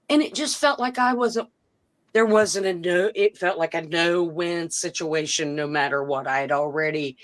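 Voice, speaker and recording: A woman's voice: lowish voice, fairly bright tone. A worn-out woman speaks as a guest on a live stream. She talks earnestly and emphatically, now apologetic, now firmly standing her ground. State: tired. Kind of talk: emotional live-stream talk.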